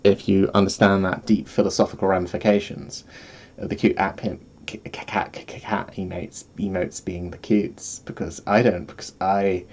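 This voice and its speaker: A man's voice: sits low, little pitch movement, normal speed, a little mellow. A man chatting casually on a live stream, rambling and giggling, self-deprecating, close to his microphone. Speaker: vtuber streamer. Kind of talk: casual livestream chat. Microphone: streaming mic, close.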